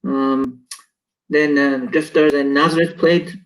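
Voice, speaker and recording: A man's voice: on the high side, flat delivery, slow pace, low-quality recording. A man co-hosting a casual chat, rambling and laughing as he loses his train of thought. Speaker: co-host.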